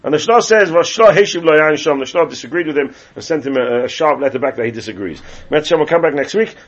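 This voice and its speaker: A man's voice: on the high side, expressive, fast talker. A man teaches a class on Jewish law, explaining texts and repeating phrases as he goes. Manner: explains texts, switches between English and Hebrew terms, repeats phrases. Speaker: teacher leading a Torah class. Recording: dull lo-fi classroom recording.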